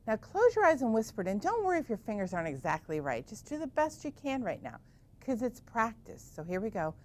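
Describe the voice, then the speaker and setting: A woman teaching yoga to children in a gentle, encouraging way, asking them lots of questions. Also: on the high side, huge pitch swings, brisk, a little hiss or hum.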